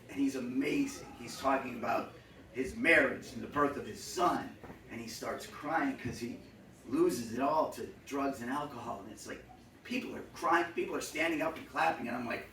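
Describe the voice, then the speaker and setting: A man telling funny stories to a live audience, acting out other people with loud shouted voices. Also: mid-range voice, moderate pace, a little hiss or hum. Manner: animated, acts out shouting voices. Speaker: comedic storyteller. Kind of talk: live storytelling set. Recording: echoey room, mic from a distance.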